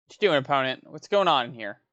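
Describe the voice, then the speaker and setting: A man's voice: mid-range voice, animated, fast talker, fairly bright tone, no room sound, lo-fi sound. A man streaming a card game, chatting casually with joking, mumbling asides. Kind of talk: casual chat while playing a card game.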